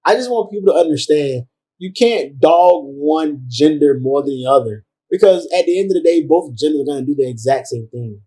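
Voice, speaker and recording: A man co-hosting a podcast, talking in relaxed casual chat, animated and repeating himself for emphasis. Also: fairly high pitch, brisk, breathy edge, poor audio. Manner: animated, repeats himself, mock-scolding voices. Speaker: podcast co-host.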